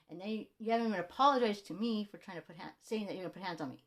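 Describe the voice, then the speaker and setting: A woman tells a grievance in an angry, indignant voice, pitched in the ordinary middle of the female range. She builds her case point by point and acts out her side of past phone calls. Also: rapid-fire, few pauses. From Mexican-American. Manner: heated, indignant, retells calls with quoted replies. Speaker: music publishing collector. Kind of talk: angry personal rant.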